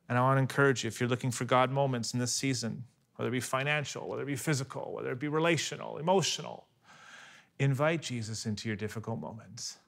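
A man in his thirties preaching a sermon, telling personal stories in an earnest way, at times hushed and at times emphatic. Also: mid-range voice. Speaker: pastor.

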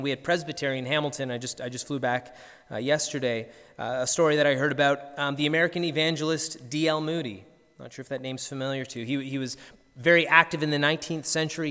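A pastor with a slightly high, somewhat bright voice preaches a sermon, earnestly telling a story and often repeating words along the way. He's in a church sanctuary, and the recording carries a long church reverb.

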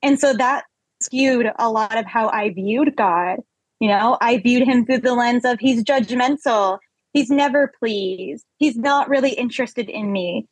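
A young woman, a podcast guest, candidly telling a personal story in an animated way. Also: on the high side, measured pace, slightly rough, no echo, low-quality recording.

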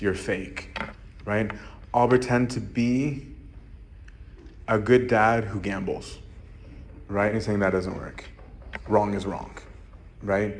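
This monk preacher has a lowish voice and gives an informal, conversational sermon, often checking in with "right?" There's slight background noise.

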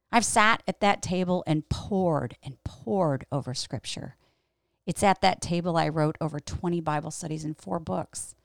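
Middle-aged woman host telling her own story, low gravelly voice, earnest and candid, dry close sound. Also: dry recording. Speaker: podcast host and Bible teacher. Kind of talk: personal storytelling monologue.

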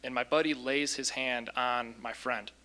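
A man casually recounting a deliverance story as a Christian minister, lively, with frequent ums and restarts. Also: medium pitch, measured pace.

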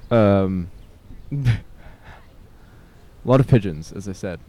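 A man's voice: on the low side, takes it slowly, mellow. Hesitant young man rambling outdoors. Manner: hesitant and self-conscious, with nervous laughs and many fillers. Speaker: vlogger. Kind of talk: rambling solo vlog. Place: outdoors in a city park.

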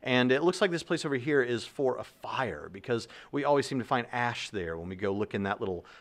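A man voicing an earnest male mouse who makes an eager, stumbling case for a higher being. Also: expressive, brisk, lightly acted. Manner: eager, searching, stumbling over words.

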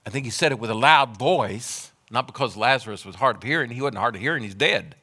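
A man with a bright, forceful voice preaches a sermon. He builds phrase on phrase in rhythmic repetition and rises to loud, emphatic declarations. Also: mid-range voice, lively intonation, brisk, husky. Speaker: pastor.

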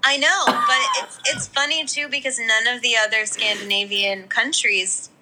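A woman's voice: on the high side, wildly swooping pitch, normal speed, pushed and bright, slight background noise, low-quality recording. A woman in casual chat, talking in a chatty way full of "like" fillers.

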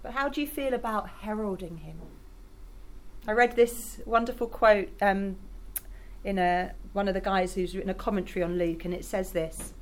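A woman's voice: medium pitch, moderate pace. A woman preaching a sermon in a conversational, enthusiastic way, speaking directly to her congregation. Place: church in Rotterdam.

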